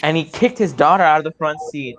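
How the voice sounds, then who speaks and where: Over a video call, a young man who does improv tells a comic story, excited and rambling, with many stammered restarts. His voice is a little high and fast, and the highs are cut off.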